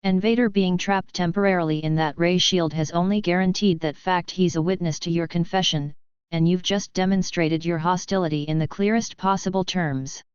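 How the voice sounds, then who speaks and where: A woman reading calm male alien tactician, measured, unshaken, smooth, dry. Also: lowish voice, no room sound, dull audio, close to an everyday voice.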